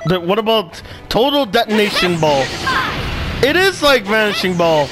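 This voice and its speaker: A man giving casual game commentary in an excitable way, swearing, shouting and repeating himself. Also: high voice, normal speed. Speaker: gameplay commentator. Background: loud game music.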